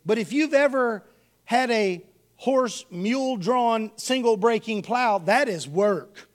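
Man, preacher, high-pitched, folksy storytelling sermon. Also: lively intonation, takes it slowly. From Texas. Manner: folksy storytelling, addresses the congregation as y'all. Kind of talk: sermon with personal stories.

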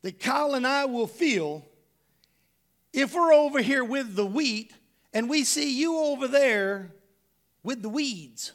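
A middle-aged man delivers a sermon as pastor, his voice pitched high and roughened with a gravelly edge. He talks to the congregation plainly, like a conversation, and presses his points home with rhetorical questions. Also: lively intonation, takes it slowly, a bit bright.

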